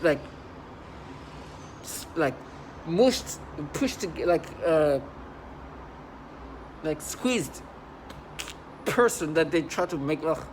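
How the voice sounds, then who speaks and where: A man talking in a rambling vlog monologue, halting and restarting, with sudden loud agitated outbursts. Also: a little high, animated, a little hiss or hum, poor audio. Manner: halting, many restarts and fillers. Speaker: vlogger.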